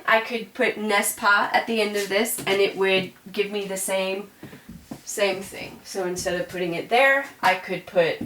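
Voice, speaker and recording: A woman explains grammar in a relaxed classroom manner, saying y'all and pausing often on fillers. She is heard from some distance in an echoey room. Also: mid-range voice. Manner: casual and chatty, says y'all, many ums and self-corrections. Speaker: French teacher. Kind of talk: classroom grammar lesson at a board.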